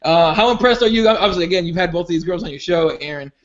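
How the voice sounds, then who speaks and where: A man with a high voice chats loosely on an MMA podcast, telling a story with a jokey, casual edge. The audio is dull and lo-fi. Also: fast. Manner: loose, chatty and giggly storyteller. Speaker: podcast co-host. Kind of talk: casual profane sports chat. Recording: muffled lo-fi audio.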